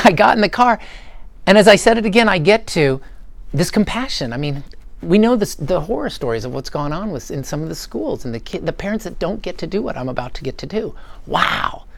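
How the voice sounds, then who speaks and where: A man's voice: sits high, gravelly, no room sound. A middle-aged man giving an earnest motivational talk to a live audience, acting out little quotes as he goes. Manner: animated and earnest, acts out quotes. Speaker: motivational speaker.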